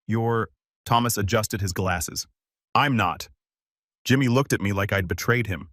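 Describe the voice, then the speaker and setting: A man giving a steady, measured first-person narration of a scripted story. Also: on the low side, dry recording, clean studio sound.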